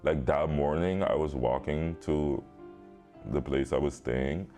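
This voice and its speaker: A man's voice: a bass voice, measured pace, dark tone, faint music behind. A young man hosting a podcast, telling a story in a loose, slangy way, saying bro constantly and swearing freely. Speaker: podcast host. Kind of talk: casual storytelling chat.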